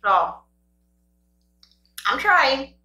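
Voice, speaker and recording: A woman with a bright, forceful voice chats casually to her viewers while she eats, rambling and poking fun at herself. The sound bounces around an echoey room. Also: high-pitched, very animated, extremely slow, recorded from a distance. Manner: rambling, self-deprecating, talks to viewers. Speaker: mukbang host. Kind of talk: casual chat while eating.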